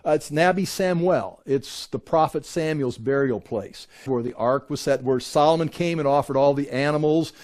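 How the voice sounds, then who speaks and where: A man's voice: a little high, normal speed, hardly any pauses, a little mellow. Middle-aged male teacher, rambling classroom lecture over photos. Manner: rambling, with many restarts; points out details on photos. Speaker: Bible teacher.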